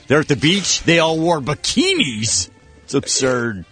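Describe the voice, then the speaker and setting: A man's voice: fairly high pitch, very animated, measured pace, fairly bright tone, husky, faint music behind. A man co-hosting a morning radio show, trading dry, teasing banter.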